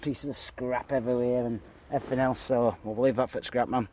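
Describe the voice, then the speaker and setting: A man's voice: medium pitch, level tone, brisk, warm tone, a little hiss or hum. A man talking casually to a handheld camera outdoors by a pond, a bit out of breath and rambling with fillers. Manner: rambling, chatty, lots of uh and so. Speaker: fishing vlogger. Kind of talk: casual vlog talk to camera.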